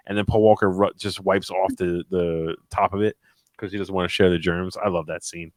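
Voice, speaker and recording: A man with a fairly low voice talks through a movie in relaxed podcast banter. His delivery is joking and animated, with casual swearing. The sound is dry and close, with no room around it. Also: fairly quick, no echo. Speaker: podcast co-host. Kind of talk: casual movie review chat.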